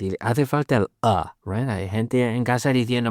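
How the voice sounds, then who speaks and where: A man hosting an English lesson podcast for Spanish speakers, switching between English and Spanish and repeating sentences slowly for learners. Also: medium pitch, darkish tone, no echo, clean studio sound. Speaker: English teacher and podcast host. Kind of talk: bilingual language lesson.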